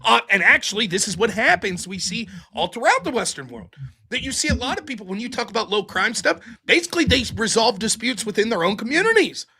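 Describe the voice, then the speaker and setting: A high, lively American man arguing hard on his live stream. His voice is bright and a little husky, and he slips into quick mocking voices to make a point. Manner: argumentative, lively, acts out quoted voices. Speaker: livestream host. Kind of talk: heated political debate.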